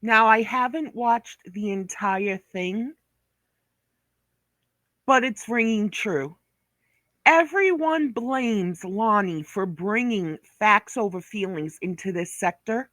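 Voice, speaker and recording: A woman's voice: mid-range voice, takes it slowly, fairly bright tone, no room sound, clean studio sound. A woman from Brooklyn, ranting on a commentary vlog, blunt, profane and scolding. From Brooklyn, New York. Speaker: vlogger.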